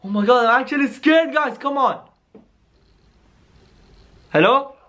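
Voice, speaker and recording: A very high-pitched male YouTuber narrates a scripted scary skit. He speaks to his viewers in an excitable rush, full of "yo" and "guys". He keeps the camera audience close the whole way through. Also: measured pace.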